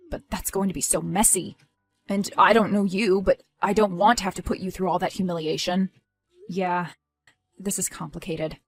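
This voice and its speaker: A woman's voice: mid-range voice, natural voice. A woman voicing an earnest young man. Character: worried young man, soon to be a father.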